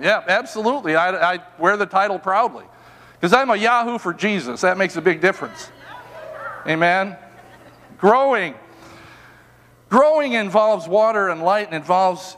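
An older man preaching a sermon, telling personal stories in an animated, self-mocking, humorous way. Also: high voice, long reverb tail. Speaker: pastor.

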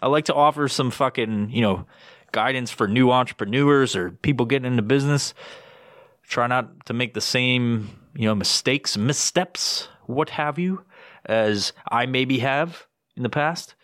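A man's voice: mid-range voice, a little slow, a bit bright, dry recording, studio quality. A man hosting his own podcast, rambling through sponsor plugs in a crude, swear-heavy casual monologue. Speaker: podcast host.

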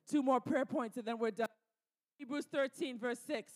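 Fervent high-voiced woman leading prayer. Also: fairly even intonation, normal speed, soft background music. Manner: fervent, declaring and repeating lines. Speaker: pastor. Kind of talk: sermon prayer.

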